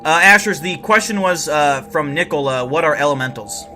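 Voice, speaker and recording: A young man hosting a livestream, telling deadpan, boastful tall tales in a rambling way full of fillers. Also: fairly high pitch, moderate pace, soft background music. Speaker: livestream host. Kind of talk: comedic in-character livestream storytelling.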